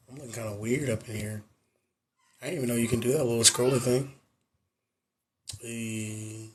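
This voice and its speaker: A hoarse young man, a nurse and exam coach, chatting loosely on his livestream into a phone and repeating his greetings. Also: medium pitch, fairly even intonation, moderate pace, long pauses, a little hiss or hum. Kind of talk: casual livestream chat.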